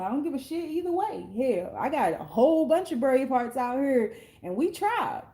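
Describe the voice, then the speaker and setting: A woman tarot card reader in a casual reading monologue, talking bluntly, sassily and with plenty of profanity in slangy, drawn-out street talk. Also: a little high, darkish tone.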